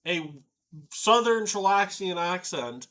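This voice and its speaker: A man narrating a tabletop game as its game master. His bright, fairly high voice explains rules and lore in a chatty, easygoing way. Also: lively intonation. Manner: chatty, explanatory, quick to laugh.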